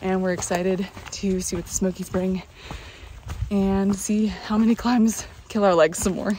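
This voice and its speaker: A woman's voice: medium pitch, steady tone, unhurried, mellow, rough recording. Woman, upbeat casual trail vlog into a handheld phone outdoors; faint background noise. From North Carolina. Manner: chatty, upbeat, loose and rambling. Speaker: vlogger.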